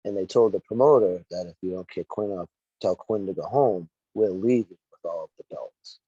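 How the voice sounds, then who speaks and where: A middle-aged man in casual podcast chat, telling a story with lively acted-out quotes and plenty of swearing. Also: deep voice, normal speed, husky, no room sound, lo-fi sound. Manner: animated storyteller, acts out quotes, profane. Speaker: wrestling referee and podcast guest.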